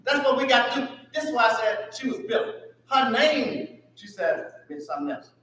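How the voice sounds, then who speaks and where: A Southern man leads a church Bible lesson, calling questions out to the class and answering them. His voice sits high and bright. He is heard from a distance in a very echoey church room. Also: big pitch swings, normal speed, a little hiss or hum. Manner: call-and-response questioning. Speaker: Sunday school teacher. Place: church hall.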